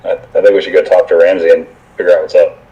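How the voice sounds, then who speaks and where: Deep, dark-voiced hesitant male player. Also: little pitch movement, fast, dull audio. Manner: hesitant, stammering questions. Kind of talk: casual tabletop play.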